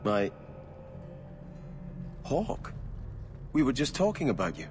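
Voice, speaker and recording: An earnest, devout young prince in a video game, speaking in a very deep voice. The sound carries a long reverberant hall tail over a faint hiss. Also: male voice, lively intonation, moderate pace. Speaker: exiled noble.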